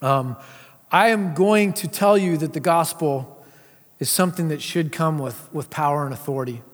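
A man's voice: on the high side, normal speed. Male pastor preaching in a reverberant hall. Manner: conversational, with frequent filler sounds. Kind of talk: sermon. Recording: long reverb of a large hall.

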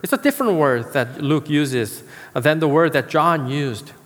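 A man preaching a sermon as pastor, building emphasis with dramatic pauses and repeated key words. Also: on the high side, a bit bright, long reverb tail.

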